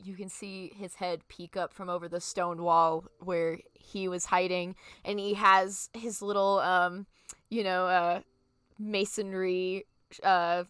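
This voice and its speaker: A woman's voice: fairly low pitch, flat delivery, slow pace, fairly bright tone, clear, resonant tone, dry recording. A woman narrating as game master of a tabletop game, descriptive and full of fillers. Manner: descriptive, filler-heavy, laughs easily.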